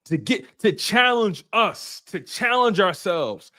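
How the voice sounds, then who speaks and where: Guy hosting a live sports show, high voice that jumps all over, ribbing the chat, aave. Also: slow, few pauses. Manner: animated, teasing chat readers by name. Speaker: sports podcast host. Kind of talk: casual live stream talk.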